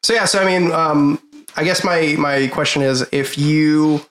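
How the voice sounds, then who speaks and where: A man's voice: on the high side, measured pace, a bit bright, echoey room. A young man narrating as game master, casual and hesitant with frequent ums.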